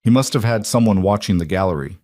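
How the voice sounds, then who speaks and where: A man's voice: lowish voice, lively intonation, fast talker, mellow, dry recording, studio quality. A man voicing a commanding mafia boss. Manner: intense, commanding. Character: possessive, intense young mafia boss.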